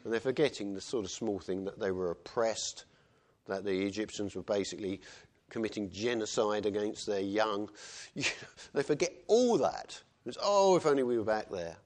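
A man's voice: lowish voice, normal speed. A man preaching a sermon in a conversational way, often asking "isn't it" and acting out quotes. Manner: conversational, with tag questions and acted quotes.

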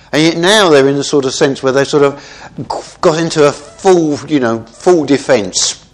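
Speaking at a normal speed in a mid-range voice, a preacher teaches through a Bible passage in a conversational way. He keeps adding "isn't it?" to his points and sometimes corrects himself partway through a word, sounding thoughtful as he goes.

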